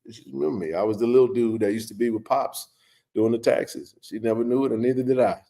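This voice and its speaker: A man's voice: mid-range voice, fast. Chatty man telling a story. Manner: animated, conversational, many fillers and restarts. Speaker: livestream host. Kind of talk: casual storytelling to a live chat.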